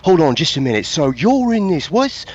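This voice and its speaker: A man playing an eager male scholar in a tabletop role-playing game, bursting with excitement and fussing over his notes. The voice rides noticeably high and lively. The recording is slightly dull. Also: breathy edge. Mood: excited. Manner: excited, rapid, fussy. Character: eager human male scholar, bookish and nosy.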